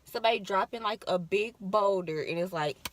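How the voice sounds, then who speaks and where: A young woman co-hosting a casual chat, telling her labor story in an animated way and acting out her own screams. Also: medium pitch, brisk. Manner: animated, acts out screams and quotes.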